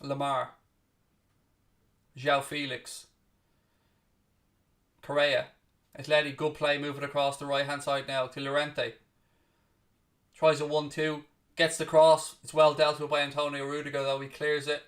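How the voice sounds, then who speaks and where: A man's voice: fairly high pitch, flat delivery, a bit bright. Brit guy doing live footy watchalong, names every pass, swears at chat, sounds kinda far from mic. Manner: blunt, snippy with chat, swears freely; rapid play-by-play naming each pass. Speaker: watchalong host. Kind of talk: live football watchalong commentary.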